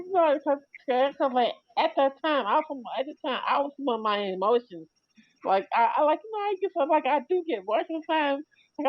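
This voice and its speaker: A woman's voice: high-pitched, no room sound. A woman livestream host telling a long story in casual chat, rambling, repeating words and restarting sentences often. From Chicago area. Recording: dry, muffled livestream audio.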